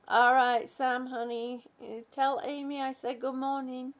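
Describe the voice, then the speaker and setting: A woman's voice: high-pitched, completely flat delivery, a little slow, few pauses. A woman vlogger in a casual morning chat, affectionately greeting viewers and fussing over her dog.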